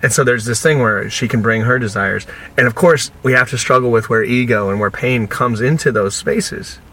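A man's voice: medium pitch, moderate pace. A man talking as a guest in a casual interview, telling stories animatedly and acting out the people he quotes. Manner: animated storyteller who acts out the people he quotes. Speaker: podcast guest, author and speaker.

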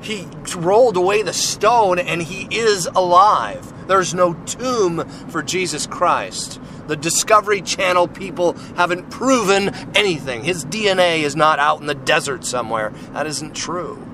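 A man's voice: high voice, unhurried, few pauses. A man giving an informal Christian testimony, earnest and rambling, with many restarts and frequent "right?" and "you know". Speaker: Christian speaker sharing testimony. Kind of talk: informal preaching with personal testimony. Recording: noisy street with passing cars.

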